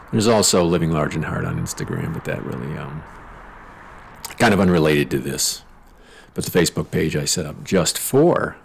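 A middle-aged man with a very low, gravelly voice rambles through a podcast story. He swears freely and wanders into sarcastic asides. Faint noise sits behind him. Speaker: podcast host. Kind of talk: casual storytelling monologue.

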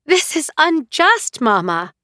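High fierce young noble girl pushing back hard, read by a woman, dry close sound. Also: lively intonation, normal speed, fairly bright tone, no echo. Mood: indignant. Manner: heated, pleading protests. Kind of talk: audiobook character reading.

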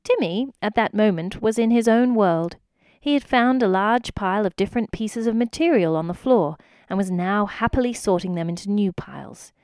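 A woman narrating a children's storybook aloud in an expressive way. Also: medium pitch, moderate pace, few pauses, smooth, no echo. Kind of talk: storybook reading.

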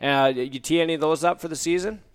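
A man's voice: fairly high pitch, fast talker, clean tone. A man co-hosting a podcast, asking questions in an easygoing, joking way. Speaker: podcast co-host. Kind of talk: casual interview questions.

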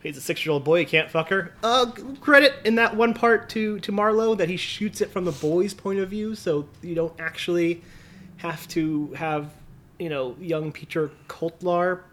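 A man's voice: high-pitched, normal speed, fairly bright tone. A man co-hosting a casual film review chat, blunt and profane, ranting about a movie he dislikes. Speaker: podcast co-host.

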